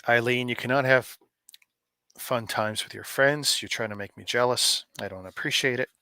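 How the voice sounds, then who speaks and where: Middle-aged man from Canada, joking streamer, bright forward tone, dry close sound. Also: medium pitch, normal speed, smooth, no echo. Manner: rambling, joking, chats to viewers by name. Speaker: live streamer opening advent calendars. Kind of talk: casual live-stream chat.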